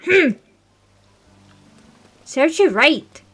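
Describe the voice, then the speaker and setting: A woman chatting casually while she plays a video game. Her voice is fairly high and her asides come slowly and loosely. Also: animated, a bit bright. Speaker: game streamer. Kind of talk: let's-play commentary.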